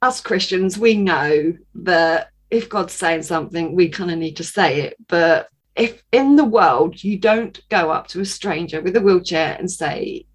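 A woman sharing a personal testimony as a podcast guest, telling her story in an animated way, with laughs and pauses. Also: on the low side, breathy edge.

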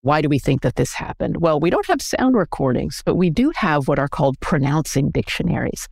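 An American woman, a history professor, explaining things in a clear, measured lecturing manner during an interview. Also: low voice, animated, darkish tone, dry recording, clean studio sound. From United States.

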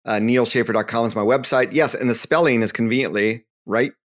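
A man's voice: medium pitch, fairly even intonation, brisk. A man appears as a guest on a live interview show. He speaks earnestly, in a mid-range voice, and gives advice with an occasional filler. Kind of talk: interview answers.

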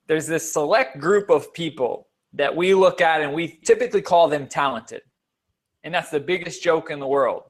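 A man being interviewed as a guest on a podcast, a motivational speaker who talks earnestly and repeats words for emphasis. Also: fairly high pitch.

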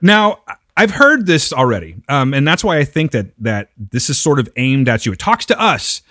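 A man co-hosting a casual podcast, jokey and animated as he introduces listener voicemails. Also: medium pitch, moderate pace, no room sound, clean studio sound. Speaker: podcast co-host.

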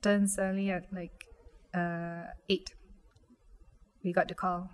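A young woman quietly telling a personal story, halting with many fillers and restarts. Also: on the low side, level tone, clean tone.

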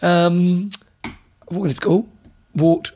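A man's voice: sits high, steady tone, takes it slowly, a little mellow, breathy edge. A man with a New Zealand accent co-hosting a podcast, bantering and joking in a playful way. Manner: joking, playful, laughs easily. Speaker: podcast co-host. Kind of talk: casual banter.

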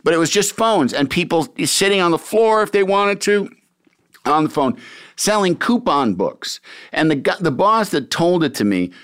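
A man's voice: fairly high pitch, very animated, normal speed, a bit bright. A man hosting a casual chat, talking bluntly and swearing freely.

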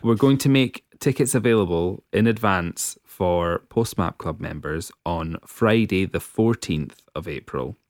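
A man's voice: expressive, unhurried, hardly any pauses, no room sound, clean studio sound. A man hosting a casual podcast, joking and laughing often. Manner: jokey, laughs often, wide swings in pitch. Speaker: podcast host.

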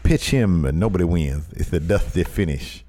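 A man's voice: sits low, expressive, normal speed, mellow, pitched below the performer's own voice. A man doing a brash old-school wrestling booker. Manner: calls everyone "baby", boastful. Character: brash veteran male wrestling booker impression.

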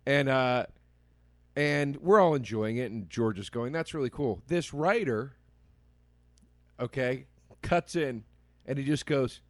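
A man's voice: mid-range voice, slow pace, no room sound. A man at a podcast mic telling a story with a lot of energy, slipping into quoted lines without changing his voice much. His voice sits in an ordinary middle range. The sound is dry and close, with no room in it. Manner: animated storyteller, quotes people in his own voice, laughs often. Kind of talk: casual chat, storytelling.

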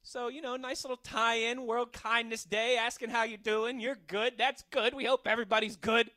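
A man's voice: extremely high pitch, level tone, normal speed, pushed and bright, dry recording. A man hosting a sports talk radio show from a studio, upbeat, jokey and chatty. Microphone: studio microphone.

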